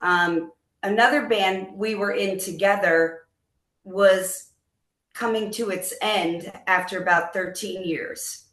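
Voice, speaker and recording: A woman's voice: medium pitch, slow pace, roomy sound. A middle-aged woman, a band musician, telling a story in an interview and acting out the dialogue she recalls. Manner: animated storyteller who acts out quoted dialogue.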